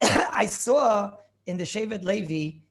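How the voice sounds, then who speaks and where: A man's voice: sits high, lively intonation, slow, gravelly. A man teaching a Talmud class over a video call, thinking aloud with many restarts and questions to his students.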